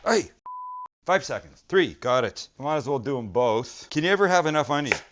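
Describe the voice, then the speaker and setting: Lively-voiced man hosting a cooking vlog. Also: mid-range voice, moderate pace, noisy background. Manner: joking, chatty, talks while cutting. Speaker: cooking show host. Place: hotel room.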